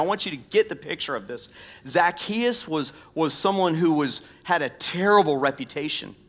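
A male pastor giving a conversational sermon, reading scripture and dropping to a hushed whisper for emphasis, with self-deprecating asides. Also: fairly high pitch. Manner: self-deprecating humor with laughs.

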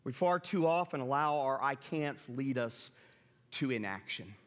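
A man's voice: medium pitch, expressive, measured pace, in a large hall. A middle-aged man preaching a sermon to his church. He talks casually, then acts out the quoted lines with big jumps in his voice. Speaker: pastor. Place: church sanctuary.

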